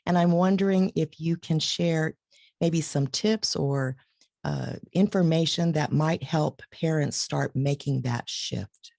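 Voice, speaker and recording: A woman hosting a podcast interview, asking a thoughtful question at an unhurried pace. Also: low voice, gravelly, a little mellow, no echo. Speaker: podcast host.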